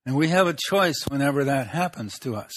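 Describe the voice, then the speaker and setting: Man preaching an unhurried sermon. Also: mid-range voice, expressive. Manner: unhurried teaching with pauses and rhetorical questions.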